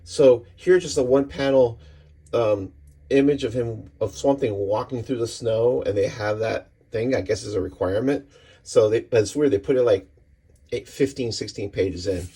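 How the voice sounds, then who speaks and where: A man casually walking through a comic issue page by page, talking in a relaxed, rambling way with many fillers. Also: on the low side, breathy edge. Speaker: comic book reviewer.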